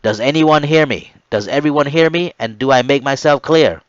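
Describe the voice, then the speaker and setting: A man playing a harsh male navy drill instructor who yells and curses at recruits. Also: mid-range voice, moderate pace, no room sound, lo-fi sound, pitched above the performer's own voice, close to an everyday voice. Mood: barking orders. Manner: yelling, cursing, barking orders.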